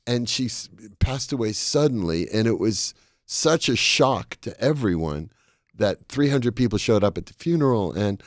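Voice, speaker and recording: An older man with a Boston accent tells rambling anecdotes with comic timing. His voice sits low, and it sounds dry and close, with no room sound. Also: lively intonation, moderate pace, no room sound. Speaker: guest comedian and author. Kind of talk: casual chat, storytelling.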